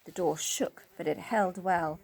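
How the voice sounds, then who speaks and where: A woman reading a children's story aloud, expressive and animated. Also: lowish voice, unhurried, gravelly, slightly rough.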